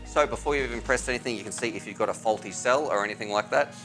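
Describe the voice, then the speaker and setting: A man's voice: fairly low pitch, rapid-fire, fairly bright tone, soft background music. A man hosting a casual product review, chatty and enthusiastic with informal slang. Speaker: tech reviewer and channel host.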